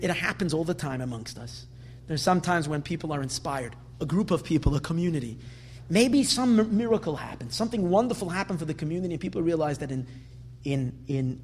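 Man, religious lecture, slightly high voice, animated storytelling, emphatic peaks, faint hum behind. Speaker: Torah teacher.

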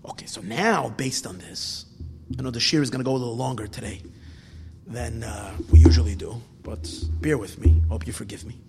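A male religious teacher giving a sermon-style lecture, dramatic, swinging from loud exclamations to hushed whispers and repeating words. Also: mid-range voice, normal speed, music in the background. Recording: long hall reverb.

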